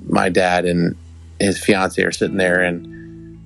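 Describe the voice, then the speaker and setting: A man's voice: low-pitched, level tone, slow, gravelly, a bit bright, faint music behind. A young adult man hosting a podcast, telling a rambling, affectionate story with many restarts. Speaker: podcast host. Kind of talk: casual storytelling.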